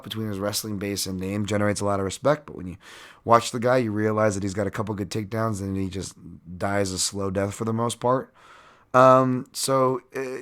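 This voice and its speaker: Bright-voiced, rambling, self-mocking man. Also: on the low side. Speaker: podcast host. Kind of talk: casual sports-betting breakdown.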